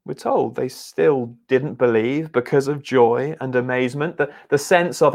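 Male preacher, mid pitch, earnest and halting, sermon delivery. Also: gravelly, a little mellow. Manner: earnest, halting with repeated restarts.

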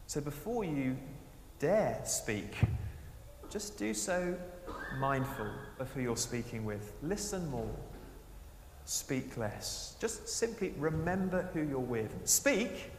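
A male preacher delivering a sermon with a fairly high voice. He swings between raised, emphatic lines and quiet asides. The sound carries a long, roomy echo from a church hall. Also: sing-song, slow pace, a little hiss or hum.

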